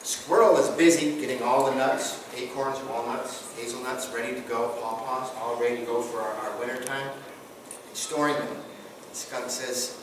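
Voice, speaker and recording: A man's voice: medium pitch, steady tone, normal speed. A man presenting to a live group, telling traditional stories in a folksy, interactive way and asking the audience questions. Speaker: guest presenter on tribal culture. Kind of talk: storytelling talk to a group. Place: large echoey room with an audience. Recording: echoey, noisy room from far off.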